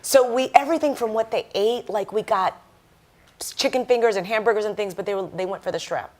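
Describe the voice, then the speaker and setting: A woman speaking as a panel guest, telling a story with lively acted-out quotes. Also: medium pitch, fairly quick, a little hiss or hum. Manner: animated, acts out quoted voices.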